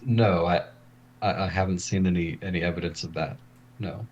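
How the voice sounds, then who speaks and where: A man narrating a tabletop game as game master, relaxed and a little hesitant. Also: sits low, normal speed, husky, dull audio.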